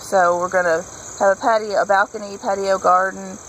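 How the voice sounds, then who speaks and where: A woman's voice: medium pitch, fairly even intonation, normal speed, fairly bright tone, a little hiss or hum, low-quality recording. A woman vlogger chatting casually and enthusiastically while she works on a patio garden, rambling from one thought to the next. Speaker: homesteading vlogger.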